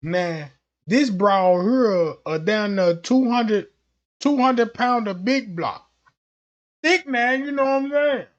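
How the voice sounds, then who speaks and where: A young man livestreaming, telling stories in a casual, slangy, animated way. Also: sits high, slow pace, dull audio.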